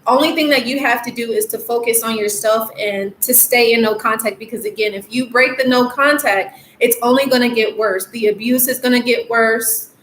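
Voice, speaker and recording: A fairly high-voiced woman chats loosely on a live stream, meandering through stories with plenty of "um" and "you know". The room around her rings with echo, and a faint hiss sits under her voice. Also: moderate pace, hardly any pauses, fairly bright tone. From United States. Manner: rambling, lots of fillers, laughs often. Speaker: life coach hosting a live stream. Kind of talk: casual live-stream chat reading viewer comments. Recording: echoey room with faint noise.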